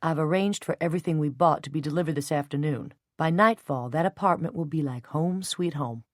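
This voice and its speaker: A woman's voice: deep voice, brisk, no room sound, studio quality, natural voice. A woman voicing a confident, mischievous man who talks nonchalantly in a storybook. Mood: teasing. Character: teasing confident man, playful schemer.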